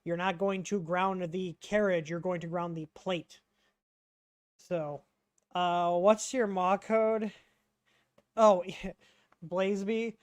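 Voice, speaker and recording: A man's voice: high-pitched, steady tone, slow pace, pauses often, clear, resonant tone, no echo. A man hosting a casual livestream Q&A, rambling and chatty, reading out chat questions with lots of ums.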